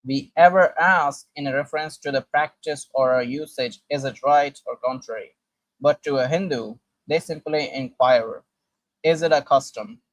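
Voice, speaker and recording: A man's voice: medium pitch, no room sound, rough recording. A man who reads old historical sources aloud and comments on them, stumbling often and restarting words as he goes. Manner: halting, with frequent restarts and fillers while reading.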